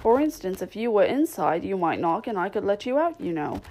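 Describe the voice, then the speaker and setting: A woman voicing a solemn, dull-witted frog footman in an audiobook reading, talking in an unhurried, indifferent way. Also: mid-range voice, very animated, dark tone, a little hiss or hum.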